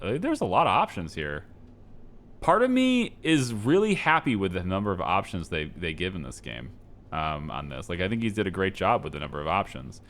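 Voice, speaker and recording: A man's voice: low-pitched, a bit bright. A man giving casual gameplay commentary, rambling, indecisive and poking fun at himself as he decorates. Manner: rambling, indecisive, self-mocking. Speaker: gameplay streamer.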